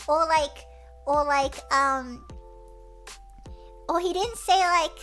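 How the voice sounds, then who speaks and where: A woman streamer telling a story in casual chat, animated and acting out what people said, often breaking into laughter. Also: very high voice, extremely slow, long pauses, soft background music.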